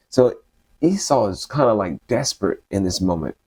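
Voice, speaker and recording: A man's voice: lowish voice, very animated, normal speed, a little mellow, husky, no room sound. A man giving casual, slangy Bible study commentary, reading passages aloud and then riffing on them conversationally.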